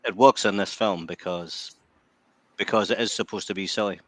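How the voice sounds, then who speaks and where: A man in a casual movie chat who talks quickly with hesitant restarts. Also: on the low side, fairly even intonation, no echo.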